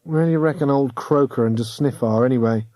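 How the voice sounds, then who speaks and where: A man's voice: medium pitch, fairly quick, dark tone, dry recording, lightly acted. An audiobook narrator, a man, voicing a blunt young boy with curt, plain speech. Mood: wondering.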